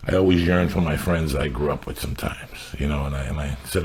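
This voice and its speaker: A middle-aged man hosting a podcast, telling stories loudly with lots of swearing. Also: very deep voice, fairly quick, few pauses, breathy edge. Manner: loud, profane and animated. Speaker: podcast host. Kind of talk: casual storytelling.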